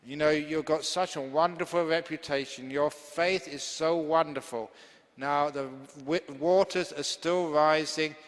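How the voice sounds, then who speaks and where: A man's voice: fairly high pitch, steady tone, a little slow, lightly acted. A man voicing rescue crew members who urgently plead with someone to come aboard. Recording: long hall reverb.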